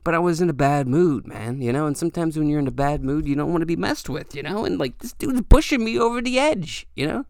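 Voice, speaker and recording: A man's voice: on the high side, lively intonation, fast talker, creaky, hardly any pauses, no echo, studio quality. A young adult man hosting a podcast, telling a rambling, profane story in a casual way. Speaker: podcast host. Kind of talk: storytelling monologue.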